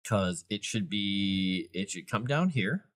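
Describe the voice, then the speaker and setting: A man with a low but very animated voice talks through his work step by step. He chats casually to viewers and to his cat as he goes. His delivery is relaxed, live-stream commentary. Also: slow. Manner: thinks aloud while working, chats to viewers and his cat. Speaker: author and live-stream host.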